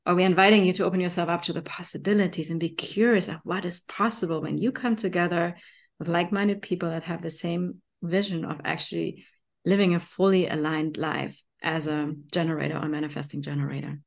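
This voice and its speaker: Woman, German accent, lowish pitch, enthusiastic podcast host, fillers like "right?". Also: fairly even intonation, a little fast, vocal fry. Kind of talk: casual chat.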